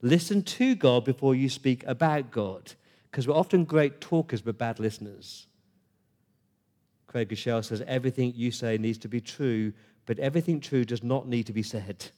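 A man delivers a sermon with a mellow, darker tone. He talks earnestly and conversationally to his congregation, with pauses and restarts. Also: mid-range voice. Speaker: preacher.

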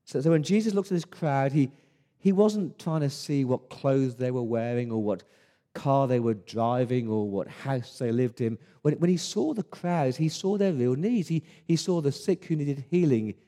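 A man's voice: medium pitch, normal speed, dark tone. A man preaching a sermon as pastor, earnest and emphatic, often restarting his words.

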